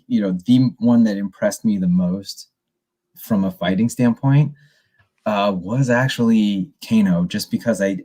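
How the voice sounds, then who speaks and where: Guy on a podcast rambling thru a movie review, lots of restarts, gets animated retelling scenes. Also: lowish voice. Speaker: podcast co-host. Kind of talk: casual movie review chat.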